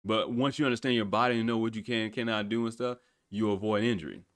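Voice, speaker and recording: A man in his thirties telling stories in a casual, colloquial chat, animated and often laughing, with the odd swear word. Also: lowish voice, fast. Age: 30s.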